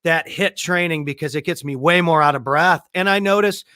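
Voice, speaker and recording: Chatty guy on a podcast, kinda high bright voice, dry close sound. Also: normal speed, clean tone, dry recording. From Texas. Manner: chatty, laughs easily, trails off mid-sentence. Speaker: podcast co-host. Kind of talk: casual chat.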